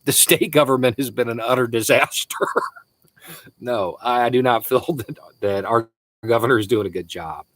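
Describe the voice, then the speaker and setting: A man's voice: mid-range voice, moderate pace, a bit bright, no echo. A man from Florida with a Southern accent hosting a casual live Q&A, answering viewer messages with frequent chuckles and hesitant restarts. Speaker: livestream host.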